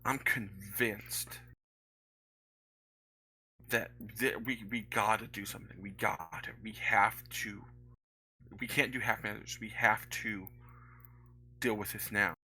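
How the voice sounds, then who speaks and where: A man voicing Maxine, a worried middle-aged woman at an inn who speaks in a soft, earnest way. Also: lowish voice, fairly even intonation, slow pace, pauses often, slightly rough, pitched below the performer's own voice, exaggerated voice, rough recording.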